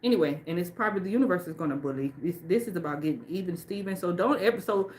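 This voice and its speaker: A woman with a fairly low voice giving a livestream tarot reading, swearing freely and pressing hard on her points. She slows right down to read the card text aloud, then goes back to blunt, emphatic talk to her viewers. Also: expressive. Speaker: tarot and oracle card reader. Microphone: off camera, face not shown.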